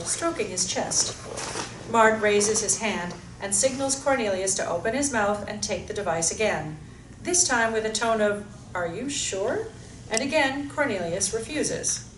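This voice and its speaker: A woman reading stage directions aloud in an even, descriptive way. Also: mid-range voice. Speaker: narrator. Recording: echoey room, mic far off, faint hiss.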